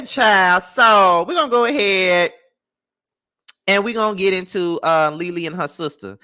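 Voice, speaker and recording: Animated Mississippi man, bright voice. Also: sits high, a little slow, clear, resonant tone. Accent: Mississippi Southern US. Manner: chatty, animated, slangy, laughing asides. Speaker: YouTube TV reviewer. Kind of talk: casual review vlog.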